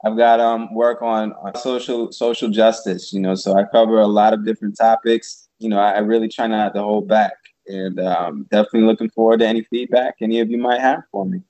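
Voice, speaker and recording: A man's voice: on the low side, a little fast, mellow, dry recording, poor audio. A man being interviewed as a guest author and poet, talking casually with many fillers and restarts.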